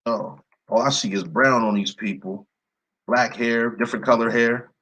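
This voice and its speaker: A man hosting an online video, slowly reading long word lists off his screen and breaking in with blunt, indignant remarks. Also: medium pitch, steady tone, a bit bright. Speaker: video host. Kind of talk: screen-share commentary reading from a list.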